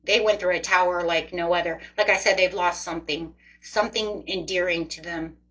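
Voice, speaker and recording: A woman's voice: lowish voice, steady tone, a little fast, fairly bright tone, poor audio. A woman doing a casual tarot reading, talking straight to her viewers in a chatty, emotive way. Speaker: tarot reader.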